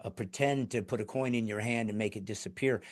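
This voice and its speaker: A man hosting a podcast interview, talking eagerly and jumping in with quick interjections. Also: lowish voice. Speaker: podcast host.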